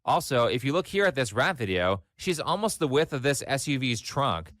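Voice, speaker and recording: A man narrates a scripted commentary in a flat, matter-of-fact tone. His voice is bright and forward, and it sits on a dry, close recording with no room sound. He keeps an even, measured delivery throughout. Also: mid-range voice, no echo.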